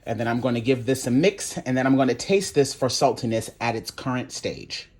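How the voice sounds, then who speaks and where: A man's voice: mid-range voice, a little fast, slightly rough. A man hosting a home cooking video, walking viewers through a recipe in a chatty, sassy way, calling them y'all and honey. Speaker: cooking channel host. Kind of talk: casual cooking tutorial.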